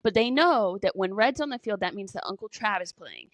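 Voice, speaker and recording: A woman's voice: medium pitch, expressive, brisk, few pauses, no echo. A young woman co-hosting a podcast, chatting casually and rambling with lots of "like"s. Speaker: podcast co-host. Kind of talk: casual chat.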